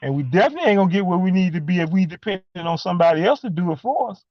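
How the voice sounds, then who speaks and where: A man calling in and speaking emphatically in a preachy way, halting with many fillers between points. The audio is a dull, lo-fi call line. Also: high-pitched, lively intonation, dry recording. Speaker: caller. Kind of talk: impassioned call-in monologue.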